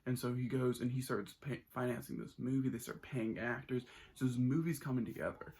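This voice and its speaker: Man, husky voice, casual movie review, rambling and eager, trips over his words. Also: mid-range voice, steady tone, brisk, a little mellow. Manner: rambling, enthusiastic, with frequent restarts.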